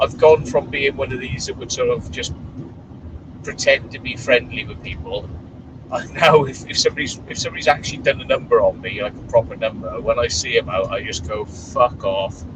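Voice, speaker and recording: Blunt swearing man chatting from a car. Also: lowish voice. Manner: blunt, swearing, animated storytelling. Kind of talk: casual chat while driving. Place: in a moving car. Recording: distant voice with clear background noise.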